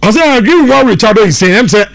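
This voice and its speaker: A man hosting a sports radio show, reading out listener messages in a brisk, casual way. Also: high-pitched, animated, creaky, a bit bright.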